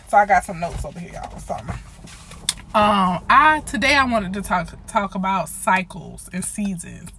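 A woman's voice: medium pitch, animated, unhurried, a bit bright. A woman preaching casually on her own podcast, slightly out of breath, talking informally between scripture and prayer. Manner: informal, prays aloud with repeated "Father God". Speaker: podcast host and lay preacher. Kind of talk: casual devotional podcast sermon.

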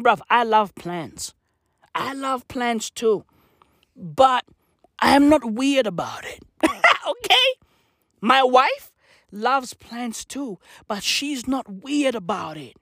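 A man's voice: high-pitched, a bit bright, no room sound, clean studio sound. A man from Africa delivering a profane, slang-heavy comedic rant with an emphatic, mocking manner.

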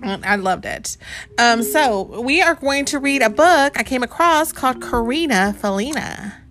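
Animated mom reading a storybook aloud. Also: female voice, high-pitched, measured pace. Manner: chatty, animated, asks the child questions. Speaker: parent reading to her child.

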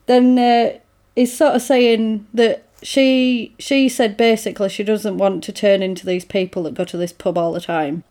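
A woman casually recapping a film's scenes to a friend, animated and quick to act out the characters' lines. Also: medium pitch. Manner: animated retelling, acting out quoted lines with laughs. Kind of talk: casual film recap chat.

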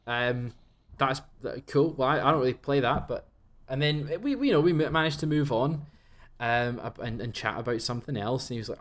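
A man's voice: medium pitch, fairly quick, fairly bright tone. A young man co-hosting a podcast, chatting casually and acting out quoted exchanges as he tells stories. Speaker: podcast co-host. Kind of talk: casual chat.

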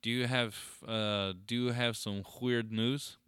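A man's voice: mid-range voice, level tone, measured pace, fairly bright tone, clear, resonant tone, dry recording, clean studio sound. A man co-hosting a podcast in casual banter, joking and laughing often, sometimes slipping into silly voices. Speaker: podcast co-host.

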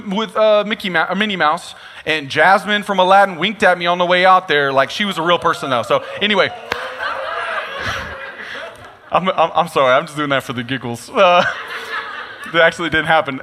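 A young male pastor preaching in a big reverberant hall, his story full of comic asides and bursts of feeling. His voice sits high and bright, and it swings up and down in pitch as the telling goes on. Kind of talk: sermon. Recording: long reverb of a large hall.

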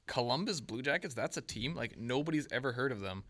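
A man's voice: mid-range voice, lively intonation, fairly quick, fairly bright tone. A man co-hosting a casual podcast, joking and laughing with friends. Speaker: podcast co-host. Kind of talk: casual chat.

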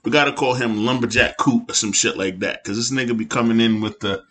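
A man's voice: medium pitch, fairly even intonation, brisk, sharp tone. A man in his thirties hosting a podcast, chatting casually and teasing his co-hosts with playful banter. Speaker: podcast host. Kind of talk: casual chat.

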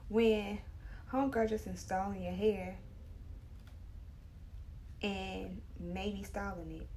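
A woman's voice: medium pitch, slow, pauses often, slight background noise. A woman hairstylist, talking in a chatty, emphatic casual monologue. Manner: chatty, animated, emphatic, with dialect grammar. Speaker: hairstylist and salon owner.

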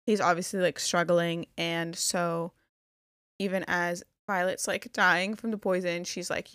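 A woman's voice: on the low side, little pitch movement, unhurried, fairly bright tone, smooth, no echo, studio quality. A young woman co-hosting a podcast, casually retelling a story with lots of "like" fillers. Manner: rambling retelling with many "like" fillers. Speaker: podcast co-host. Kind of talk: casual chat.

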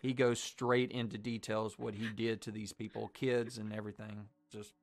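A man with a mixed Southern US and Irish accent, hosting a casual podcast, sounding a little rough and lower than usual because he feels ill. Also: little pitch movement, normal speed, no echo. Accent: mix of Southern US and Irish. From Arkansas. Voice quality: low, slightly rough. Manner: blunt, profane, storytelling. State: under the weather, voice deeper than usual. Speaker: podcast host.

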